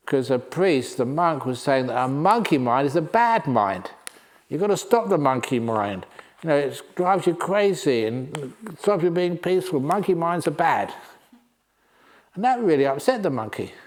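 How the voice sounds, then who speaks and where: A man's voice: fairly high pitch, very animated, measured pace. A man, a Buddhist monk teacher, giving a humorous Dharma talk in a playful storytelling manner. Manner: playful, storytelling, chuckling often.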